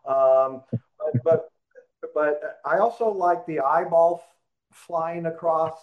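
A man co-hosting a casual movie podcast, speaking haltingly with many fillers. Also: on the high side, narrow, tinny audio. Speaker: podcast co-host. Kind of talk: casual chat.

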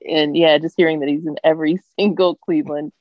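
A man's voice: on the high side, flat delivery, quick pace, crowd noise. A man co-hosting a podcast, reminiscing fondly in an easygoing casual chat. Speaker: podcast co-host. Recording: dull, muffled mic.

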